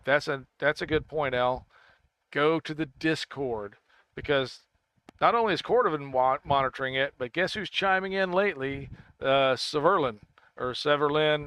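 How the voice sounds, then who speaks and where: A man talks casually to his livestream chat, circling back and restarting his sentences. His voice sits a little high and sounds bright and crisp. The recording is dry and close to the mic. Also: no room sound. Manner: rambling, stammering, self-correcting, quick to laugh. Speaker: gaming streamer.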